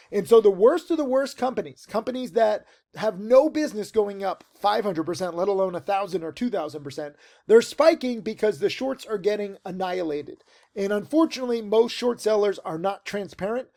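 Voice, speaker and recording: High, gravelly-voiced man rambling about trading. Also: animated, moderate pace, darkish tone. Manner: rambling, filler-heavy, emphatic. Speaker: stock trading teacher. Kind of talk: casual video monologue. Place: tent outdoors.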